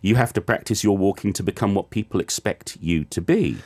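A man's voice: fairly low pitch, brisk, a little mellow. A man hosting a casual book chat, earnest and enthusiastic, with plenty of ums. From United Kingdom. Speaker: podcast host reviewing a book. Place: lives in Korea.

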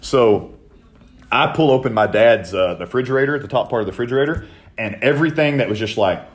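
A man telling a profane, animated story in casual podcast chat, shouting out the quoted lines. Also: mid-range voice, quick pace. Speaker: podcast co-host.

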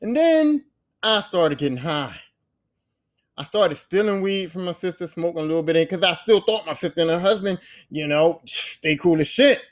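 High-voiced animated man telling stories. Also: normal speed. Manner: animated, rapping lyrics and swearing freely. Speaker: podcast host. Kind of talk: casual storytelling monologue.

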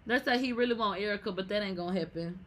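A woman with a bright, sharp voice dishing celebrity gossip. She talks brashly and swears freely. Her casual commentary keeps erupting into loud outbursts. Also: mid-range voice, fast talker. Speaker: gossip vlogger.

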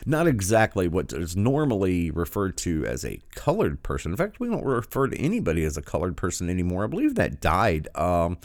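A man with a fairly low voice that swings wildly in pitch as he reacts with sarcasm and disbelief. He delivers his commentary in a dry, close recording with no room sound. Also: huge pitch swings, a little fast, few pauses, no room sound. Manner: sarcastic, incredulous, interrupting.

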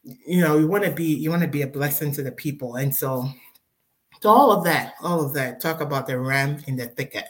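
A woman as a guest storyteller giving a personal faith testimony, animated and acting out dialogue with many fillers. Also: low voice, fairly quick.

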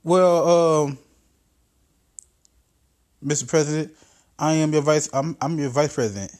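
A man voicing a nervous, deferential vice president who hesitates and fills pauses with ums. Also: a little high, darkish tone, close to an everyday voice. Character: timid, fumbling male vice president aide.

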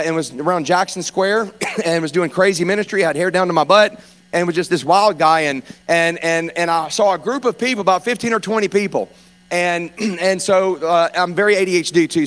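A man preaching a sermon, telling stories in a rambling, animated way that rises to fervent preaching. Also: sits high. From North Louisiana. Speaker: pastor and hospice chaplain.

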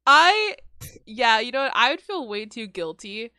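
A young woman co-hosting a podcast, giggly and animated in casual chat. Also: fairly high pitch, a little slow, no room sound, clean studio sound. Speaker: podcast co-host.

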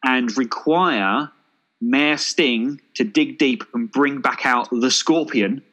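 A man, co-hosting a casual chat, pitching a made-up action film with jokey enthusiasm. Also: slow pace, pushed and bright, poor audio. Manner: enthusiastic, jokey, thinks aloud with fillers. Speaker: podcast co-host.

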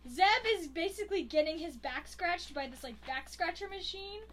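Giggly high-voiced woman retelling a plot. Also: expressive, moderate pace, fairly bright tone. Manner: giggly, rambling storyteller. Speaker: podcast co-host recapping a movie. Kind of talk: casual chat, plot retelling.

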